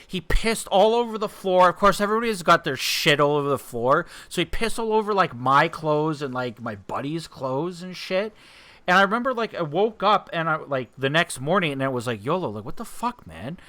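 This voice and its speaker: A man's voice: on the high side, moderate pace. A man chatting casually while playing a video game, telling a rambling anecdote with restarts and swearing. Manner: excitable storyteller, many restarts and swearing. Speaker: let's play co-host.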